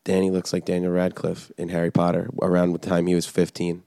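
Deadpan male co-host, very deep gravelly voice, dry close sound. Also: fairly quick, no room sound. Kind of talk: casual chat.

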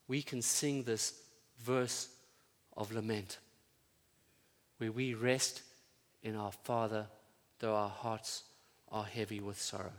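A pastor preaching a sermon to his congregation, building to loud fervent peaks and then dropping to quiet, tender prayer. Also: on the low side, flat delivery, slow pace, long pauses. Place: church. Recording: church sound with long reverb.

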